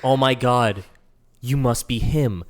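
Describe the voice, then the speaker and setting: A man's voice: mid-range voice, slow pace. A man co-hosting a podcast who chimes in with wry, joking asides. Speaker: podcast co-host. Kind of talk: casual chat.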